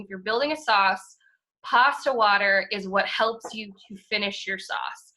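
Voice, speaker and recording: With a bright, forceful tone in a mid-range voice, this young woman keeps a measured pace as a podcast co-host. Her casual, enthusiastic chat is packed with fillers and the occasional swear word.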